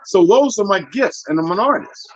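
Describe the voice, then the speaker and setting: A man's voice: high voice, animated, fairly quick, highs cut off. A man lecturing in a casual talk-show chat, full of his own theories. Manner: lecturing, talks about himself as a linguist. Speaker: guest.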